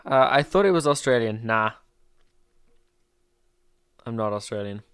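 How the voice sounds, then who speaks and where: A man's voice: medium pitch, lively intonation, a little slow, a bit bright, smooth, no echo, studio quality. A man hosting a casual podcast, rambling and restarting his sentences. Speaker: podcast host.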